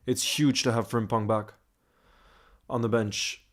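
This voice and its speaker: A man's voice: medium pitch, steady tone, measured pace. A young man hosting a live stream, chatting casually and greeting viewers by name as he reads their comments. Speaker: livestream host.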